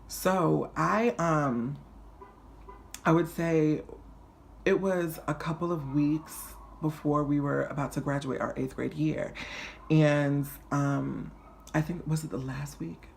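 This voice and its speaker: A man in his twenties telling a personal story on his vlog in a chatty, flamboyant and animated way. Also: on the high side, takes it slowly, creaky, slight background noise. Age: 20s. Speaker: vlogger.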